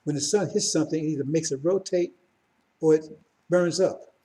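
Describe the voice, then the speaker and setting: A man in middle age giving a live religious talk to his followers. His voice is warm and mellow, and his delivery rambles, with restarts and asides. When he presses his message, it turns fervent and insistent. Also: on the high side, fairly quick. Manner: rambling, self-correcting, rising to fervent emphasis. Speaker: religious teacher.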